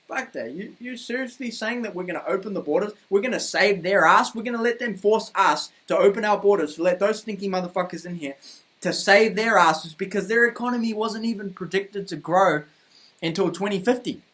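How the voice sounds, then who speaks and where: A man's voice: high-pitched, fairly quick, fairly bright tone. A man with a New Zealand accent delivering a rambling, profane, heated opinion rant to camera at home. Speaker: vlogger. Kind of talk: ranting opinion monologue. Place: room at home.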